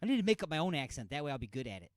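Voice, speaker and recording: A man's voice: fairly high pitch, big pitch swings, very fast, dry recording. A man co-hosting an internet radio show, chatting casually and joking around. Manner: joking, jumps between goofy accents. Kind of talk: casual podcast banter.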